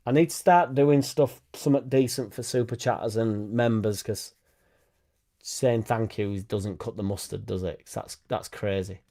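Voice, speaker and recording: A man's voice: lowish voice, normal speed, dark tone. Sweary man ranting. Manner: blunt, sweary, rambling. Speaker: football fan channel host. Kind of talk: casual live-stream chat.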